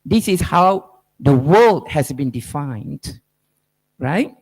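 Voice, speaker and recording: A man's voice: a little high, lively intonation, slow pace, husky. A man giving an academic keynote lecture, driving his points with rhetorical questions and "right?" tags. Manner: probing, emphatic lecturing. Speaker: keynote speaker.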